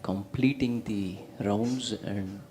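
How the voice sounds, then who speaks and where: A man, an audience member politely asking a question with halting pauses and fillers. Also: fairly low pitch, fairly even intonation, dark tone, a little hiss or hum. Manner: polite, hesitant, many fillers.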